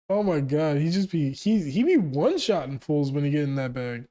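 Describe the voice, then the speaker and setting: A man hosting a manga reaction video, talking casually with excited, slangy exclamations. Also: a little high, moderate pace.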